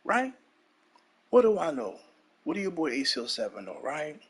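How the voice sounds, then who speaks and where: A man's voice: fairly high pitch, big pitch swings, moderate pace, husky. A man hosting his own gaming channel, ranting heatedly and profanely, repeating lines for emphasis.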